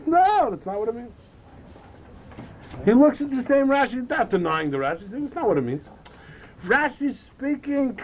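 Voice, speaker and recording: Animated man giving a Torah lecture, lo-fi. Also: high-pitched. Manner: animated, repeats and restarts phrases. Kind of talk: Chassidic lecture. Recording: dull lo-fi recording with faint noise.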